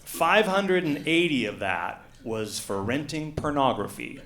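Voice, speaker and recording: A man in his forties performing a stand-up comedy set, telling deadpan stories with lots of uh fillers. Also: a little high, unhurried, background noise. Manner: deadpan storytelling with frequent uh fillers. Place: comedy gala stage. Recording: echoey room.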